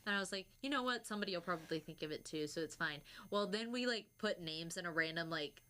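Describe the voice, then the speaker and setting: A woman's voice: lowish voice, animated, fast talker, pushed and bright, clear, resonant tone. A young woman casually telling a story on a podcast, acting out quotes with big jumps in her voice.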